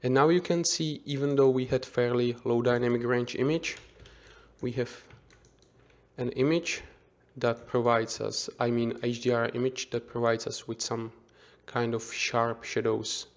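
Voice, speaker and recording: A man who teaches 3D visualization gives an unscripted software tutorial, thinking aloud and frequently restarting and correcting himself. His mid-range voice stays steady, and he speaks a little slowly.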